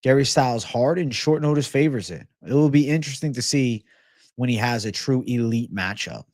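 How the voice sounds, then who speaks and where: A man in his twenties chats through a livestream Q&A in a relaxed, loose way, swearing freely as he reads viewers' questions aloud. His voice sits at an ordinary pitch for a man. The sound is close and dry, with no room echo. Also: fairly quick. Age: 20s. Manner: laid-back, swears often, reads chat aloud. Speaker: host of a livestream Q&A. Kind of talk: casual livestream chat.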